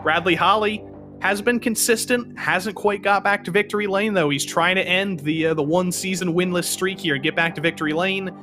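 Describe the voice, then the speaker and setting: A man doing live play-by-play commentary for an online racing league, joking and brisk. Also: high voice, over music.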